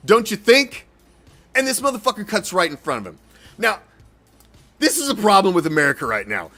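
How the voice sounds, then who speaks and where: A man's voice: high-pitched, bright, forceful tone. A man hosting a sports fan show, ranting heatedly and swearing in an exasperated way. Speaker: sports podcast host. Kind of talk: profane fan reaction rant.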